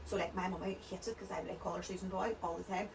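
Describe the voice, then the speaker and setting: Chatty woman, rapid and rambling, mic set slightly back. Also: on the low side, fairly even intonation, gravelly, distant mic, slight background noise, poor audio. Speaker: podcast guest. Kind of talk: casual chat.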